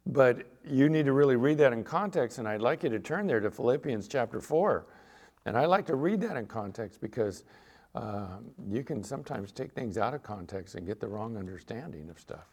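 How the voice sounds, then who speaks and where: A man's voice: medium pitch, lively intonation, moderate pace, a little mellow, breathy edge. A man preaching as pastor, reading scripture aloud with rising emphasis and acting out little voices. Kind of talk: sermon.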